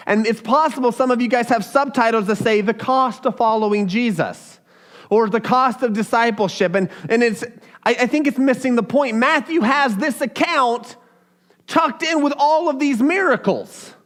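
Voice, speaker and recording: A young man with a very high voice is preaching. His delivery is loose and conversational, and he slips into little acted voices when he quotes someone. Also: moderate pace, fairly bright tone. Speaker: pastor. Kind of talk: sermon.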